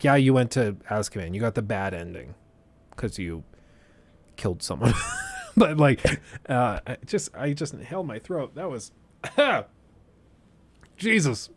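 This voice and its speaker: A man's voice: medium pitch, no room sound. Casual man rambling on a livestream. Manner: rambling, thinking aloud with many fillers and restarts. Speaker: streamer.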